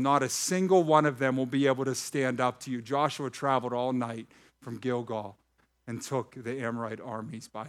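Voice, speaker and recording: A man preaching a sermon to a live congregation. He shifts between reading scripture and joking with the crowd. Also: mid-range voice. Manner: animated preaching with jokes to the congregation. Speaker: pastor. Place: church hall with a live congregation.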